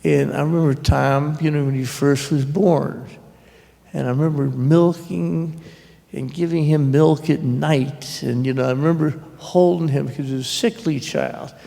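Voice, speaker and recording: A man telling a long personal story at a public author talk, rambling and earnest, with halting restarts. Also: a little high, fairly even intonation, creaky, dark tone. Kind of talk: storytelling conversation. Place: public library event hall. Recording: long reverb from a hall.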